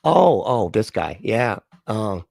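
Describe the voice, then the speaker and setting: A man with a lowish, slightly mellow voice hosts a livestream, speaking slowly but very animatedly, with vocal fry. He rambles, jokes, swears heavily, and laughs a lot while reacting to videos. No room sound is audible.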